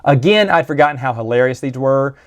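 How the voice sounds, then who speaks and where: A man talks through a book re-read in a loose, chatty monologue. He rambles, circles back and restarts his sentences, his pitch sitting in an ordinary middle range. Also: animated, brisk. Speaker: book reviewer. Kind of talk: casual monologue.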